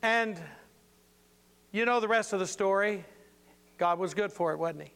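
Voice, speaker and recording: A man's voice: high voice, a little slow, vocal fry, fairly bright tone, clear, resonant tone. An older man preaching an informal sermon in a folksy, playful way with many asides.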